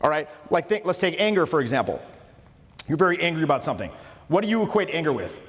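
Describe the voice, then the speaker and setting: A man's voice: fairly high pitch, sing-song, fast talker. A man coaching social skills in a casual lecture, emphatic and informal, often restarting his phrases. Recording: long reverberant room sound.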